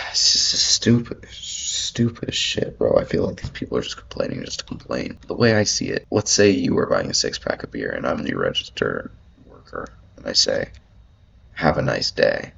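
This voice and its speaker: Brief: very deep, husky man, rambling profane rant, dull lo-fi sound. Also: huge pitch swings, fairly quick, fairly bright tone. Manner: rambling, profane, lots of "like" fillers. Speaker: commentator reading an article aloud. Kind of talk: ranting commentary. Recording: dull lo-fi audio.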